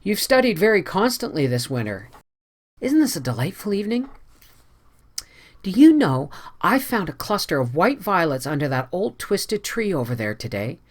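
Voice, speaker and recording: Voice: sing-song, moderate pace. A reader voicing an imaginative, emotional young woman in an audiobook, speaking in a raised, pleading way. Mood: eager. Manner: breathless, pleading, high-strung. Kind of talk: audiobook character voice.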